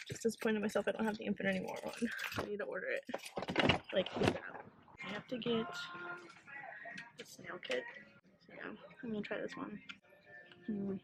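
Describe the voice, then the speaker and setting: A young woman vlogging casually, excitable and swearing a lot as she rants quickly. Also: mid-range voice, vocal fry, heavy background noise. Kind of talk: casual vlog chat. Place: in a parked car in Texas heat.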